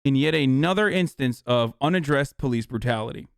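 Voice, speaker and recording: A man's voice: medium pitch, lively intonation, fairly quick, smooth, dry recording, clean studio sound. A man streaming political commentary in a heated, exasperated, profane rant, restarting sentences as he goes.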